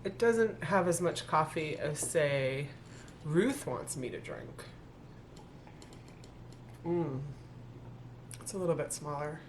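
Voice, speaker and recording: A middle-aged woman with a lowish voice talks casually through her thrift finds. She thinks aloud and corrects herself as she goes. A faint room hiss sits underneath her voice. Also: expressive, slow pace, long pauses. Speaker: thrift reseller vlogger. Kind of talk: casual haul video talk.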